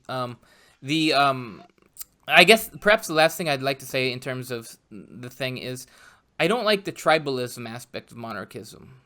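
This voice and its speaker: A man with a bright, mid-pitched voice co-hosts a casual podcast chat. He speaks hesitantly and thinks aloud, filling pauses with ums. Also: smooth. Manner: hesitant, musing, with many ums. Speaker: podcast co-host.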